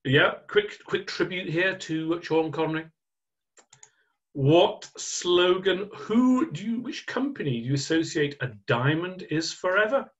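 A man's voice: sits high, animated, unhurried, a bit bright. A man presenting a marketing webinar as a quiz, chatty and jokey, teasing his online audience. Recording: dull lo-fi webinar audio.

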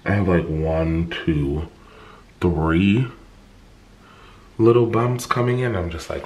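A man's voice: low voice, takes it slowly, long pauses, slight background noise. A tired man with allergies, chatting casually to camera in a vlog. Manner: chatty, animated, expressive. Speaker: vlogger. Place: home, then out and about.

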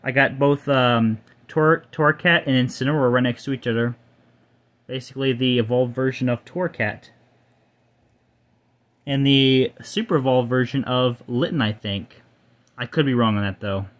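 A man's voice: medium pitch, fairly even intonation, moderate pace, a bit bright. A young man casually showing off his card collection, rambling, swearing freely and stumbling over names. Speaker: channel host.

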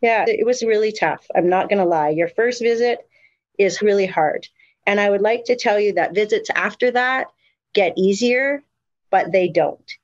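A middle-aged woman telling her story as an interview guest, candid and animated, with many fillers and restarts. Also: medium pitch, moderate pace, no room sound, dull audio. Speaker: guest, mother of incarcerated sons. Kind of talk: emotional personal storytelling.

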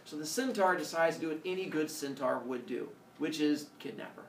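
A male teacher telling a myth to his class in a playful, animated way, asking the students questions. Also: a little high, a little fast, a little hiss or hum. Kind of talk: storytelling to a class. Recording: echoey classroom from far off.

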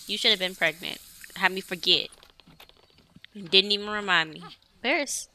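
A woman's voice: medium pitch, lively intonation, normal speed, long pauses, pushed and bright. A young woman casually commenting on her life-sim game as she plays, chatting to viewers and bossing her characters around. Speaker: let's play streamer.

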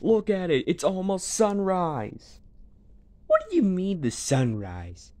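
Amateur fan-drama performer, very slow delivery, lively swooping pitch, excitable outbursts, hesitant fillers. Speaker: amateur voice performer voicing every character. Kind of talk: homemade fan drama acting.

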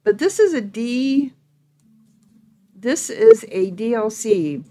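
A woman playing a video game and reading its text aloud, thinking out loud casually with hums and ums. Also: fairly high pitch, big pitch swings, takes it slowly. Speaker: gaming video creator.

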